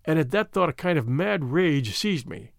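A man narrating an adventure novel as an audiobook in an expressive, measured storytelling manner. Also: a little high, creaky, no room sound, studio quality.

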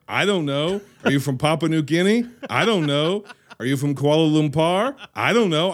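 A man's voice: on the high side, big pitch swings, brisk. An American man hosting a podcast, joking in playful mock-clueless banter with his guest. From United States. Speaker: podcast host. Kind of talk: casual chat.

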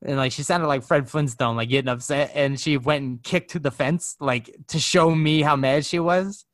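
A man's voice: a little high, moderate pace, no room sound. A man telling a story in a casual chat, laid-back and profane, full of fillers. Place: living in Arizona.

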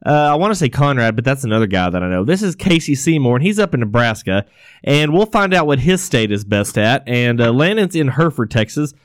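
A man's voice: medium pitch, sing-song, fairly quick, no room sound, clean studio sound. A man hosting a casual farm podcast, rambling and restarting sentences as he laughs his way through it. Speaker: podcast host.

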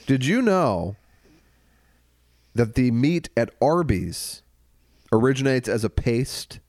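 A man co-hosting a podcast, joking in a deadpan way, heavily drugged and nursing neck pain. He is recorded close in a dry, dead room. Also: medium pitch, slow, no echo. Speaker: podcast co-host. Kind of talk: casual chat.

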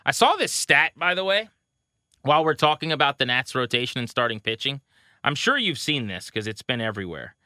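A man co-hosting a baseball podcast, casually rattling off pitching stats with a wry edge. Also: very animated, fairly quick, pushed and bright, no room sound, clean studio sound. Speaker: podcast co-host. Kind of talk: casual sports talk.

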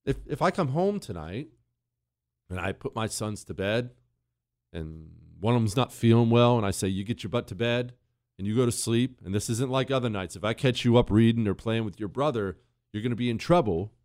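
A middle-aged radio talk show host delivers an opinionated, sarcastic monologue, mocking others in put-on voices. His medium-pitched voice moves briskly and stays animated throughout.

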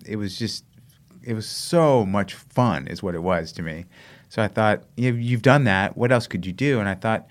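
An American man, a guest runner, telling stories in a casual interview, animated and laughing, acting out the voices of people in his stories. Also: on the low side. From United States. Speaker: guest, long-distance runner.

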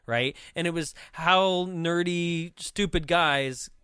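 A man's voice: fairly high pitch, slow pace, bright, forceful tone, clean tone, no room sound, studio quality. A man co-hosting a casual movie talk, chatty and laughing often as he mocks scenes.

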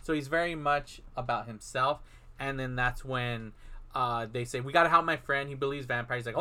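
A man's voice: medium pitch, a little fast, pushed and bright. A man in casual chat, animatedly retelling a film plot and acting out the characters' lines.

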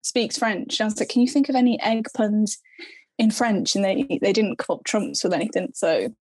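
Giggly young woman, mellow voice. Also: mid-range voice, moderate pace, no echo. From northern England. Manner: giggly, chatty, self-deprecating. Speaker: guest, egg decor maker. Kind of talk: casual chat.

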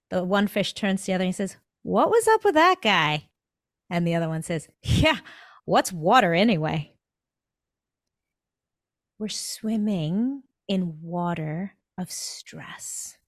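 A woman's voice: fairly low pitch, dry recording, clean studio sound. A woman speaking as a podcast guest in a conversational interview, telling stories animatedly and acting out little quotes. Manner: animated storytelling, acts out quotes. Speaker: podcast guest, dentist and coach.

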